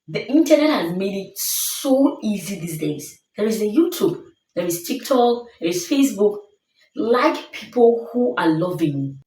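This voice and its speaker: A woman's voice: mid-range voice, very animated, unhurried, mellow. A woman giving a motivational self-help talk, earnest and emphatic, hammering her points home with repeated phrases. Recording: roomy sound, distant mic.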